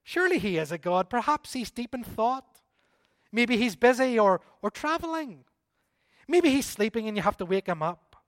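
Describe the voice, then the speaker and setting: A man preaching a sermon voices a bold old prophet who challenges and mocks his rivals loudly. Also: sits high, normal speed, no echo, studio quality, in a large hall, lightly acted. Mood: mocking. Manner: loud, challenging, taunting.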